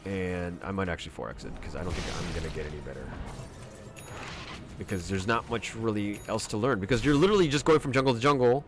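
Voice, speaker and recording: A man's voice: on the low side, fast, heavy background noise. A man coaching a player through a game replay, exclaiming and repeating urgent commands as he talks. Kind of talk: replay analysis commentary. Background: music.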